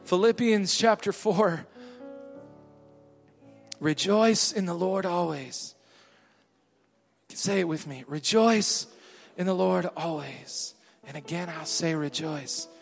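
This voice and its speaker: A man, a pastor, preaching a sermon with call and response to a congregation, swinging between loud shouting and quiet murmuring. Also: on the high side, fairly even intonation, a little slow, creaky, pauses often. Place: church hall with a congregation. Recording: live hall with long reverb and soft music.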